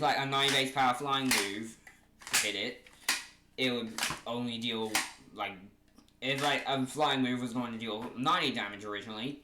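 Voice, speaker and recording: A man from Oceania chatting casually to his camera at home, rambling and joking and often correcting himself as he pitches a fan creature idea. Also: bright, forceful tone. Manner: rambling, jokey, self-correcting. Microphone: camera mic. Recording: echoey room with faint hiss.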